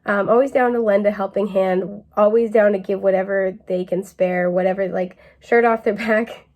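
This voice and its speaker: A woman talks through a pick-a-card tarot reading in a loose, chatty way, full of ums and little laughs. Her voice sits in an ordinary middle range, and she sometimes slips into a mellow drawl to quote someone. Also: medium pitch, steady tone, normal speed. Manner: chatty and laid-back, many fillers, laughs often.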